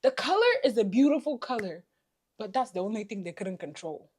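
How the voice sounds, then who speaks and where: A woman whose first language is not English, telling an exasperated, animated storytime vlog into her phone camera. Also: mid-range voice, brisk, husky. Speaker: vlogger.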